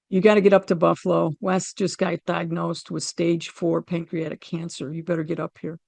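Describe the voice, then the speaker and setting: A middle-aged woman recounting a personal near-death and family story in an interview, earnest and animated, acting out the dialogue. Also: fairly low pitch, creaky, dry recording. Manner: vivid, emotional retelling of a family loss. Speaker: guest sharing a near-death experience.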